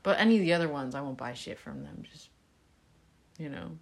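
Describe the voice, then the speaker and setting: Young woman cohosting a podcast, low voice, blunt and sweary, jokes around. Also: expressive, brisk, vocal fry. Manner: blunt, swears a lot, jokey. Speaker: podcast co-host. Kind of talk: casual chat.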